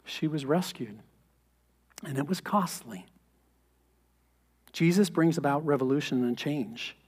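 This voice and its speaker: A man's voice: a little high, animated, unhurried, a little mellow, slightly rough. A pastor in his thirties preaching a sermon in an earnest, conversational way, rising for emphasis.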